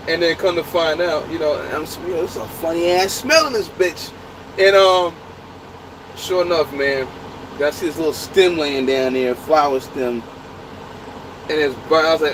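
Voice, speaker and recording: A truck driver telling a story in casual, profane, laughing talk. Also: male voice, a little high, lively intonation, measured pace, long pauses, background noise. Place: inside a truck.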